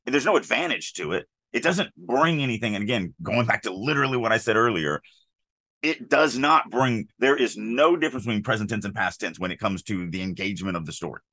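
A man's voice: fairly low pitch, lively intonation, brisk, a bit bright, dry recording. A middle-aged man co-hosting a writing podcast, talking casually in an opinionated, emphatic way with rambling asides. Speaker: podcast co-host, author. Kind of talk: casual chat on writing craft.

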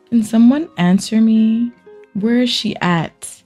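Young woman, let's play host, animated, slangy commentary, faint background music. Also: mid-range voice, drawn-out words. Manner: animated, slangy, talks to viewers. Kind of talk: casual game commentary.

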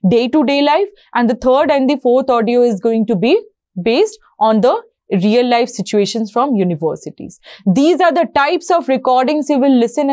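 A woman's voice: on the high side, darkish tone, dry recording, clean studio sound. Woman with teaching test prep. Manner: conversational, frequent "right?" and "you know" tag checks. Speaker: IELTS instructor. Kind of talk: explaining test format to learners.

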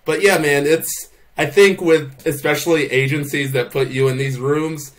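Higher-voiced man, animated comedy chat. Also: normal speed. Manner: animated, laughing often, emphatic swearing. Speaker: podcast co-host; stand-up comedian. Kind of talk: casual chat.

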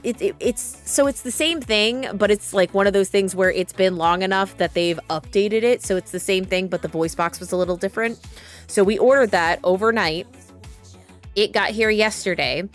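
A woman in her thirties, a streamer chatting casually and rambling through stories with frequent restarts. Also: mid-range voice. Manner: rambling, chatty, self-interrupting. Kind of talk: casual chat.

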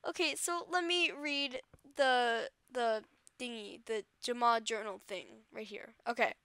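A woman doing dramatic, excitable commentary over her game, swinging between wailing and squealing. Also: fairly high pitch, a little slow, clear, resonant tone, dry recording. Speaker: game video creator. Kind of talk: gameplay commentary.

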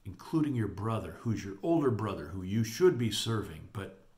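Low-voiced man animatedly teaching scripture. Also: moderate pace. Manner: animated retelling, reading scripture aloud. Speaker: Bible teacher. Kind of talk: Bible teaching.

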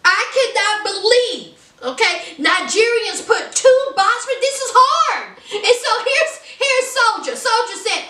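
A woman's voice: very high voice, lively intonation, a little slow, few pauses, pushed and bright. A woman giving a sassy, blunt casual recap of a reality show episode, recorded in an echoey room with the mic at a distance.

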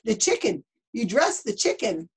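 A woman's voice: on the high side, sing-song, normal speed, background noise, pitched above the performer's own voice. A woman reading as a flustered fussy lady of the house. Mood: exasperated. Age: 50s. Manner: exclaiming, raised and louder.

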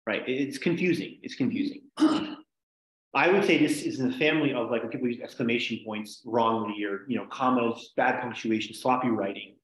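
A man teaching a casual logic class, rambling with many "like"s and restarts. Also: mid-range voice. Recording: echoey room, dull lo-fi sound.

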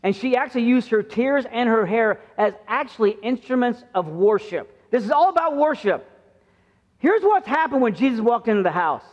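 High-voiced pastor preaching in a reverberant church. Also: male voice, very animated, moderate pace. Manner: conversational preaching, acting out quoted voices with rising pitch. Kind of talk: sermon. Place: church sanctuary. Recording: muffled church sound with long reverb.

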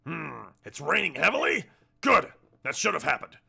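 A man voicing a brash, hot-headed male villain gang leader in a game playthrough, loud and theatrical, with a strained throat. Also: a little high, sing-song, moderate pace, gravelly, husky, voice pushed down, full character voice. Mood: alarmed. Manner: loud, theatrical, often shouting.

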